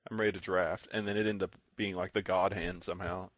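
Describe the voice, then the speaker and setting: A young man with a low voice co-hosts a casual podcast and tells long, rambling stories. He acts out other people's lines in the middle of the story. The recording is dry and close to the mic, with no room sound. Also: level tone, a little fast, a bit bright, dry recording. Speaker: podcast co-host. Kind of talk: casual chat.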